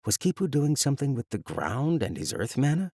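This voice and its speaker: A man narrating a fantasy audiobook in a measured, even storytelling manner, recorded close on a studio mic. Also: medium pitch, creaky, no room sound.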